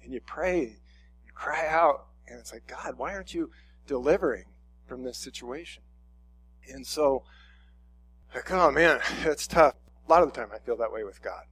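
A man's voice: mid-range voice, normal speed, long pauses, a bit bright, husky. A middle-aged man preaching a sermon in a conversational, storytelling way, often restarting his sentences. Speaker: pastor.

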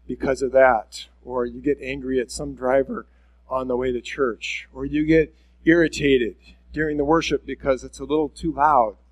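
Speaking at medium pitch, this pastor preaches a conversational church sermon, addressing listeners directly and candidly while poking honest fun at himself.

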